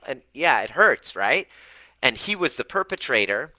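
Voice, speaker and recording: Blunt, bright-voiced male relationship coach. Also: medium pitch, big pitch swings, moderate pace, no room sound, poor audio. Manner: blunt, swears freely, acts out client's words. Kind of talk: motivational talk to camera.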